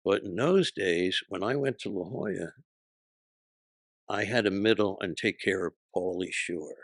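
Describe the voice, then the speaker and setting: Telling stories as a comedian guest, a man in his sixties keeps the chat casual yet punchy and profane, tossing in quick character voices for anyone he quotes. His voice is low and expressive. The audio is dry and clean, recorded in a studio.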